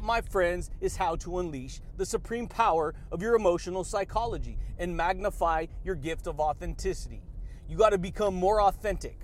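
High-ish guy hyping up a motivational podcast, slangy, laughing all the time. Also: a little hiss or hum. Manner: energetic, slangy, laughs often. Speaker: podcast host. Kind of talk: motivational talk.

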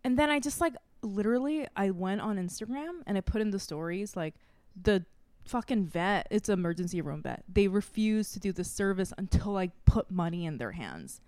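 A woman in her thirties tells a story as a podcast guest, her pitch jumping lively up and down as she goes. She swears freely and keeps the chat casual, and the recording is dry and close. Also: normal speed, no echo.

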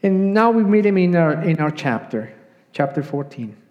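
A man with a notably high voice delivers a sermon in a church. He tells the Bible story in an animated, storytelling way and briefly acts out the quoted lines. His words trail off into a long, echoing hall reverb. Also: normal speed, lo-fi sound. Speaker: preacher. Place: church sanctuary.

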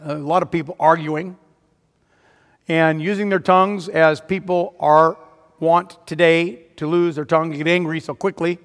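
High-voiced preacher in an echoing hall. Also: male voice, steady tone, normal speed. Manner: dramatic retelling, rising to emphatic peaks. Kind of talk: sermon. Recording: long hall reverb.

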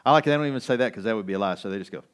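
Low-voiced pastor preaching conversationally. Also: male voice, racing, clean tone. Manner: conversational, laughing, swings from loud excited to low quiet. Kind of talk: sermon.

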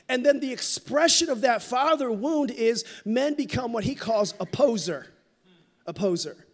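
A middle-aged man preaching a sermon in a church, telling a personal story with candor and dropping to a hush at tender moments. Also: very high-pitched. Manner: candid, storytelling, drops to a hush for quoted moments. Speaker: pastor. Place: church sanctuary. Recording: long hall reverb.

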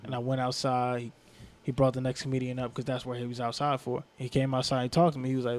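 On a casual podcast, a young male comedian tells a story at a quick clip in a mid-range voice, acting out the characters' lines with animated flair.

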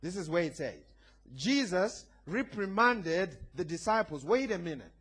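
A man's voice: sits high, sing-song, measured pace, fairly bright tone, husky. A man preaching a sermon, emphatic and playful, calling on the congregation to respond. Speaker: pastor.

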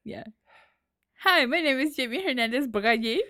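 A woman's voice: sits high, animated, normal speed, sharp tone. A woman co-hosting a podcast in casual chat who teases her partner and laughs often. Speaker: podcast co-host.

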